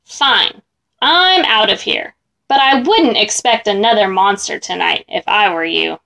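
A woman's voice: medium pitch, unhurried, creaky, sharp tone. A woman voicing a big, scruffy male monster who slurps and whines while trying to sound scary. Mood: slobbery, whiny. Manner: slurping, whiny, mock-menacing.

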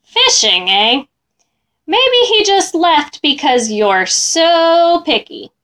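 A woman's voice: high-pitched, sing-song, slow pace, fairly bright tone, voice pushed up, heavily acted. A woman doing a slurping, scruffy monster. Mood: slobbery, whiny. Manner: slurping, whiny, mock-menacing. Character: big scruffy slobbering boy monster.

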